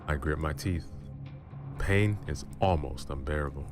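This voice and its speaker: Very deep-voiced male storyteller. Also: a little slow. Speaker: storyteller, channel host. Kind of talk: first-person story narration. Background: music.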